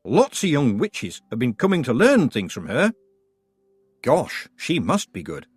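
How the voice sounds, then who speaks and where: A man's voice: mid-range voice, huge pitch swings, a little slow, slightly rough, no echo, soft background music, full character voice. A man voicing an older village woman in an audiobook, chattering proudly and gossiping.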